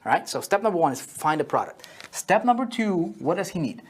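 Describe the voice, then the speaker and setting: A man's voice: high voice, sing-song, fairly quick, husky. A man teaching an online marketing lesson at a whiteboard, repeating key phrases and checking in with "okay?" and "right?" after each point.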